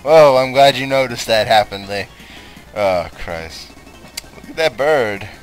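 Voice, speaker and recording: A young man commentating on his own gameplay, cursing and shouting at the game. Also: medium pitch, a little slow, soft background music, rough recording. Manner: profane, excitable, shouts and curses at the game. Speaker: let's play host.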